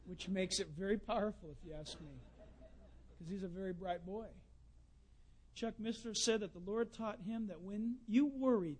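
A man preaching a sermon, telling folksy stories and swinging between loud bursts and hushed asides. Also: high-pitched, moderate pace.

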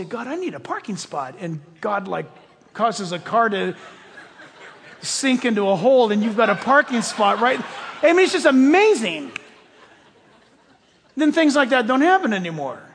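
Animated male preacher, husky tone, sermon in a reverberant church hall. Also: sits high. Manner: animated, swings from loud to hushed. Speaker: pastor.

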